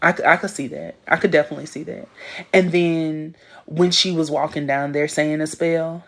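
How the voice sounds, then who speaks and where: A woman hosting a casual live stream and answering viewer comments. She talks in an animated, emphatic way and laughs often. Her voice sits a little low for a woman. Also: moderate pace. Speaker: livestream host. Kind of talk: casual livestream chat reading comments.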